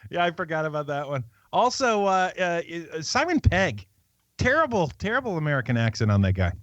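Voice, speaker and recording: Brief: male co-host, higher voice with a lively, swinging pitch, emphatic jokes, muffled dry audio. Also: no echo. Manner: quick, emphatic, joking. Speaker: podcast co-host. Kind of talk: casual chat.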